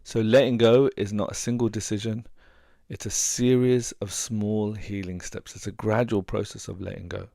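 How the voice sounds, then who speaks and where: A man's voice: on the low side, flat delivery, moderate pace, creaky, warm tone, no room sound, clean studio sound. A man who works as a relationship coach and hypnotherapist, giving earnest advice and repeating words for emphasis. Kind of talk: advice talk to camera.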